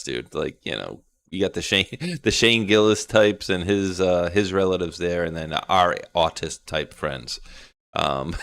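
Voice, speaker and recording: A man's voice: a bass voice, creaky, a bit bright. A man co-hosting a casual livestream show, chatting loosely, laughing often and trailing off into mumbles. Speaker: podcast co-host.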